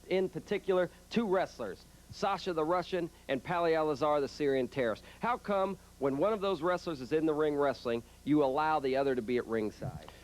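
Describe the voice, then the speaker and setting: A man's voice: on the high side, rough recording. A man hosting a televised wrestling interview segment, polite and formal, a little flustered by interruptions. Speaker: wrestling show host and interviewer.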